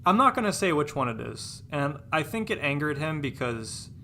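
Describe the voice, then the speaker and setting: A man's voice: a little high, very animated, moderate pace, pushed and bright, a little hiss or hum. A man live-streaming a game, chatting casually and rambling, restarting his words and sounding exasperated and dismissive.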